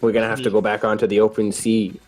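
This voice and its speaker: A man's voice: fairly low pitch, little pitch movement, fast talker, darkish tone, faint music behind. A man narrating a tabletop role-playing game as game master, describing scenes and often chuckling as he goes.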